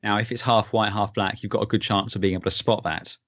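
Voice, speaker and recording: A man's voice: fairly low pitch, steady tone, quick pace, a bit bright, no room sound, lo-fi sound. A man co-hosting a podcast, casually explaining aviation details in conversation. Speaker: podcast co-host.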